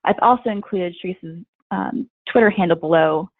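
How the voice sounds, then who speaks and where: A woman's voice: on the low side, moderate pace, dry recording, phone-quality sound. A woman hosting a webinar and reading out guest introductions in a friendly way. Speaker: webinar host.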